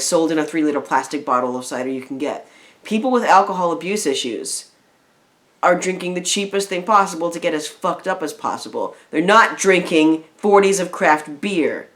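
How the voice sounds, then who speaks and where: Ranting woman reviewing a film. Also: low voice. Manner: rambling, animated rants with restarts. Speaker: video reviewer. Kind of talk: casual chat reviewing a film. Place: home room with a film playing on the TV.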